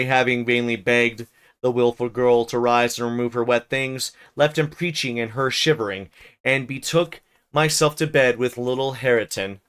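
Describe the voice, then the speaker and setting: A man reading a novel aloud on a livestream, pausing for casual, chatty asides to his viewers. His voice sits at a middle pitch with a smooth, clear tone. The narration is steady, and his chat comments are loose and offhand.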